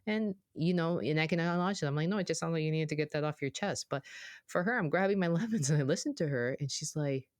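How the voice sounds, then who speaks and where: A therapist co-hosts a casual podcast, talking at a middle pitch through easygoing stories. Bits of dialogue get acted out with jumps in voice. The sound is dry and close, with no room around it. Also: fast, no room sound. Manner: animated storyteller who acts out quoted voices.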